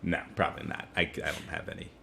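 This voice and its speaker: A man's voice: sits low, level tone, fast, creaky, bright, forceful tone, a little hiss or hum. A man in his thirties co-hosting a comedy podcast, chatting casually with dry, self-deprecating humor. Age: 30s. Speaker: podcast co-host.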